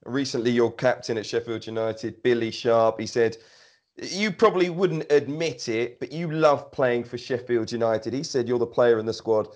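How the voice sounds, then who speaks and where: A man of ordinary pitch puts questions to a footballer. He talks in a measured, conversational way. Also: steady tone. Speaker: interviewer. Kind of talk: interview questions.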